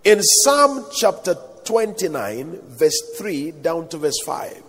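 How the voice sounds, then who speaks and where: This preacher's voice is fairly high, a bit bright, with a breathy edge. He takes it slowly, his pitch rising and falling sharply as he recites scripture and draws responses from the crowd in dramatic call-and-response style. Echoey reverb suggests a large hall or open-air gathering.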